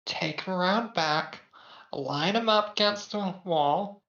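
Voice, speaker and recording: A man co-hosting a stream, cracking deadpan dark jokes in casual chat. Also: high-pitched, slow pace, roomy sound, muffled recording. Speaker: co-host.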